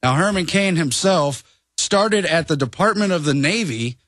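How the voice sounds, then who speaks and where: A male reporter on a talk radio show giving brisk commentary that lists facts. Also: fairly high pitch, animated, fairly bright tone, dry recording, clean studio sound.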